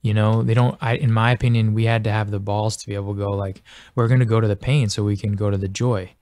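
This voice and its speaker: A man's voice: fairly low pitch, flat delivery, fast talker, darkish tone, dry recording. Earnest rambling man, dry sound. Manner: earnest, rambling, heavy on "like" and "you know". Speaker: actor promoting a film. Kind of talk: casual interview chat.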